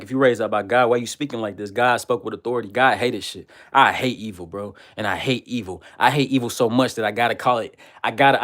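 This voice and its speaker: Profane Texan man ranting on a livestream. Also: mid-range voice. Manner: heated, loud and profane when angry, repetitive insults. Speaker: livestream host reading comments.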